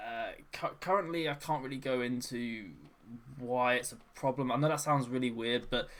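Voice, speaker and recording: A man's voice: mid-range voice, a bit bright. A man casually updating his viewers in a vlog, hesitant and apologetic, with many fillers and restarts. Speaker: channel host.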